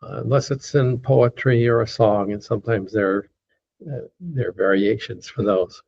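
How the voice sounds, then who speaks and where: A man teaching a class, patiently saying words slowly and repeating them, with many fillers, over an online call. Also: on the low side, gravelly, darkish tone. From United States. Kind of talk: lecture teaching pronunciation. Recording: dull lo-fi call audio.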